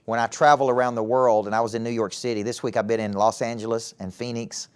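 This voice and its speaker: A middle-aged man with a Southern US accent giving a live motivational talk to young people, animated and often asking the audience questions. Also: mid-range voice, quick pace, clear, resonant tone. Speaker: motivational speaker and former coach. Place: event hall with a live audience.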